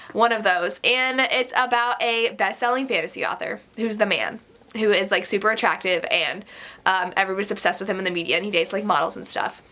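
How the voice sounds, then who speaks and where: A young woman chats casually to her vlog audience, her voice bright and a little high. She sounds stuffy from a cold. She rambles, filling her talk with "like". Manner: chatty, rambling, peppered with "like". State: stuffy nose. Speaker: book vlogger.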